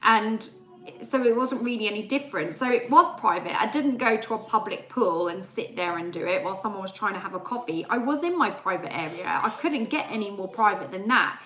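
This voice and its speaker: A woman's voice: medium pitch, expressive, brisk, bright, forceful tone, echoey room. A young adult woman, chatting casually on a live stream and telling a story with re-enacted dialogue. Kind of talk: casual chat.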